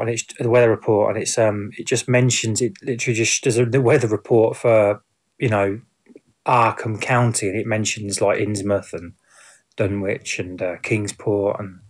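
A man giving a casual spoken film review, rambling with many fillers and restarts. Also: medium pitch.

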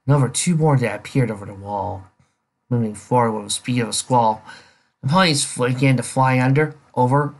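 A man reading his own fan fiction story aloud as narrator, in an expressive, animated way. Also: medium pitch. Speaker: fan fiction author and reader.

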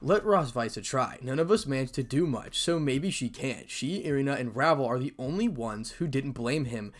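A man's voice: mid-range voice, lively intonation, normal speed, close to an everyday voice. A matter-of-fact voice for a young woman who is level-headed and frank, as a man reads her in a fan story. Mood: reasoning. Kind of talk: amateur fan-story reading.

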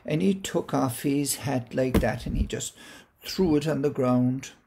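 A man with an Irish accent telling a folk tale gently and unhurriedly, acting out parts of the story. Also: mid-range voice, a little slow, gravelly, noisy background. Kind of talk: told folk tale with a moral.

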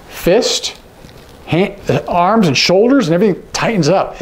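Male instructor, unhurried and gravelly, demonstrates each sign with a quick "okay?" check, faint background noise. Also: high-pitched, lively intonation. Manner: patient, repeats each word slowly, checks in with "okay?". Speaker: sign language teacher.

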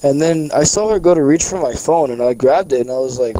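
A man's voice: on the high side, brisk, warm tone, no room sound, low-quality recording. A young man co-hosting a casual podcast, telling a long rambling story full of swearing and fillers. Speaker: podcast co-host. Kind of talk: casual chat.

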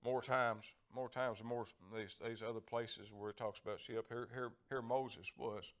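A man's voice: medium pitch, fairly even intonation, normal speed, a bit bright. An older man delivers a homespun sermon from the pulpit. His speaking voice sits in an ordinary middle register. He stumbles over repeated words and lets out small chuckles as he preaches. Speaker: lay preacher. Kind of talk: folksy sermon.

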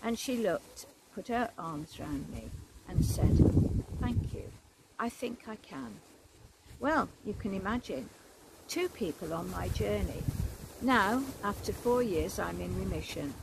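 An older Englishwoman, a church warden telling a personal faith story in a gentle, earnest way. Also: mid-range voice, expressive, takes it slowly, creaky, very noisy. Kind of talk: personal testimony.

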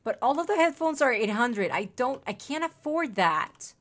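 A woman's voice: on the high side, big pitch swings, moderate pace, a bit bright. A young woman streaming a game, chatting casually and cooing at her in-game pets. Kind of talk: casual gameplay commentary.

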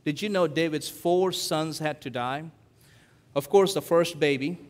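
A man preaching a sermon in a church, his voice sitting a little high for a man. He swings from forceful emphasis down to hushed, quiet scripture quotes. A long hall reverb trails every phrase. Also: a little slow. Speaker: pastor.

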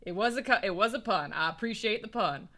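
A man's voice: high-pitched, expressive, brisk, bright, forceful tone. A man with a Southern US accent, rambling and joking as he comments on a game he's playing. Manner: rambling, self-mocking, laughs often. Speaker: let's play co-host. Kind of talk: casual gameplay commentary.

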